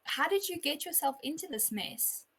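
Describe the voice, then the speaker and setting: A kind adventurer woman with a gentle, caring way of speaking, voiced by a player in her own fairly high voice. The tone is soft and reassuring, the kind of voice that comforts a frightened small creature. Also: animated, moderate pace.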